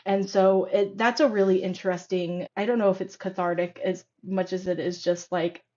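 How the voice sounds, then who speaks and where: A woman speaking as a podcast guest, telling stories in an animated way with frequent fillers. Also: lowish voice, normal speed, muffled recording. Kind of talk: casual conversational interview.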